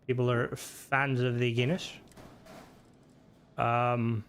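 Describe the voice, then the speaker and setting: A man's voice: mid-range voice, little pitch movement, a little hiss or hum. Rambling man streaming games. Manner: rambling, swearing, many halting restarts. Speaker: game streamer. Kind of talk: casual gaming stream commentary.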